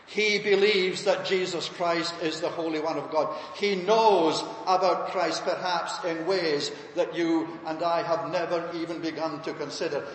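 A man's voice: high voice, slight background noise. A man preaching a sermon in an earnest, emphatic way, stacking his points through repetition. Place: large church building. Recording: echoey hall from far off.

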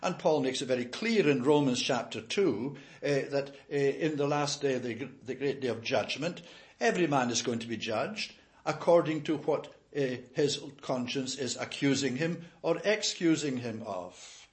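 An older man preaching an expository sermon, reading scripture aloud and then explaining it slowly with firm emphasis. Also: medium pitch.

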